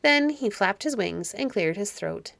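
A woman narrating a children's fairy story audiobook in a calm, measured way. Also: medium pitch, creaky, dry recording.

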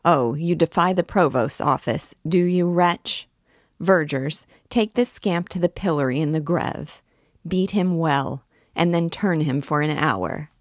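A woman's voice: low voice, a little slow, no echo, clean studio sound. A woman voicing a furious, imperious male judge who scolds and sentences a prisoner. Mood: angry.

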